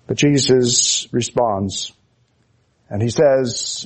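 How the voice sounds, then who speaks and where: A man preaching an expository sermon with fervent emphasis, slowing down to stress key phrases. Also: medium pitch, animated, darkish tone, husky.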